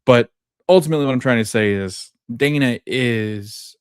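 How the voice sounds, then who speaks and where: A man's voice: medium pitch, moderate pace, clean tone, no echo, studio quality. A man hosting a podcast, recapping a TV episode in casual, rambling talk full of fillers and restarts, early in the morning. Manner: rambling, with fillers and self-corrections. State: just waking up, coffee kicking in. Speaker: podcast host.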